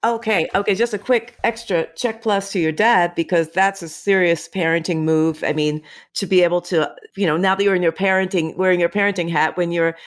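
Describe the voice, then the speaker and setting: A woman's voice: on the low side, fairly even intonation, a little fast, hardly any pauses. A middle-aged woman hosting a podcast interview, encouraging and affirming, laughing easily. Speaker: podcast host.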